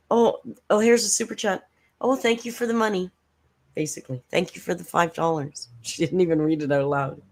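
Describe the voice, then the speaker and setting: Sarcastic, blunt woman commentator. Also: deep voice. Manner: sarcastic, blunt, swears freely. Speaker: reaction channel host. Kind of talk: casual commentary on a livestream.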